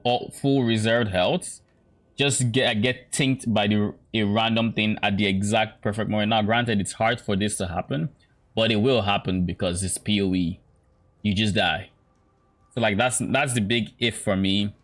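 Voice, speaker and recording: A man's voice: on the low side, a bit bright. A man chatting casually about a game, thinking aloud and weighing his options. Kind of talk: casual chat.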